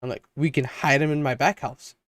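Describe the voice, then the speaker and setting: A young man on a podcast spins a long, rambling story and slips into his friends' voices for their lines. His pitch sits at a medium height. The recording is dry and close, with no room sound. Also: fairly even intonation, a little fast, a bit bright, no room sound. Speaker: podcast co-host. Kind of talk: casual storytelling chat.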